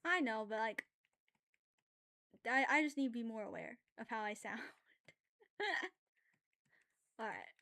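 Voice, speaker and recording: A woman's voice: on the high side, unhurried, vocal fry, pauses often. A woman streaming while she draws, chatting casually with her viewers. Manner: loud, animated ranting, then quiet and apologetic; chatty and self-aware, with filler words and laughs. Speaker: drawing streamer. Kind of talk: casual livestream chat while drawing.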